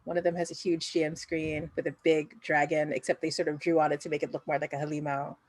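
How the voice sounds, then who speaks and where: A woman's voice: deep voice, level tone, fast talker, no echo. A woman running a tabletop game, casually describing scenes with many fillers. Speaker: game master.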